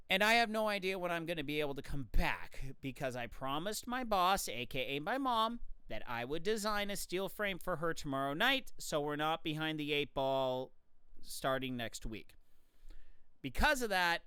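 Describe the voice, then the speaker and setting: Animated, lively live-stream storyteller. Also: medium pitch, clean tone, no echo. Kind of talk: casual live-stream chat.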